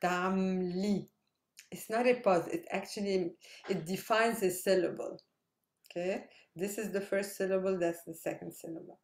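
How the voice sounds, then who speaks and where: A woman's voice: mid-range voice, fairly even intonation, normal speed, gravelly, reverberant. A woman teaching a language lesson, patiently spelling out letters and repeating each word. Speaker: Arabic teacher. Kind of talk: slow explanatory lesson.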